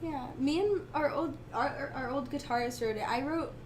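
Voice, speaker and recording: A woman's voice: high-pitched, normal speed. A woman in a band answering interview questions in a giggly, easygoing way. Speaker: band bassist and singer. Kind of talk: casual interview chat. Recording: roomy, distant mic, faint noise.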